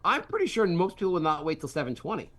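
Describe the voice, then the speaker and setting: A man co-hosting a casual comedy podcast, playful and riffing, jumping into quick bits. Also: a little high, sing-song, a bit bright. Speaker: podcast co-host.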